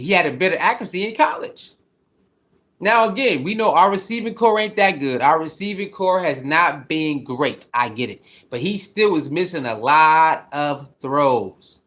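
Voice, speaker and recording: A fired-up man rants about his football team, cursing and repeating himself to drive his points home. His voice sits high and swoops around constantly. He sounds like a commentator who is fed up. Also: expressive, moderate pace, a bit bright. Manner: fired-up, profane, repetitive. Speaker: sports commentator. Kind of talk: heated sports commentary rant.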